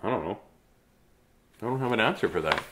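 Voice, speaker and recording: A man's voice: on the low side, animated, brisk, background noise. A man reading children's picture books aloud in a playful, jokey way, with asides to viewers. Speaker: children's book reader.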